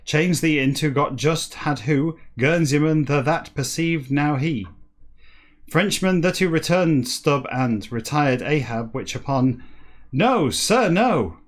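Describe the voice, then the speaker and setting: A man reading a book aloud for comedy, breaking off into dry, deadpan asides. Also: medium pitch. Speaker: comic reader.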